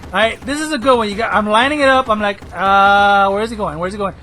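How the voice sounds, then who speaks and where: A hoarse man giving rambling, excitable commentary over his own gameplay footage, now and then bursting into shouts. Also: sits high, fast talker, a little hiss or hum, rough recording. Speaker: gameplay video host.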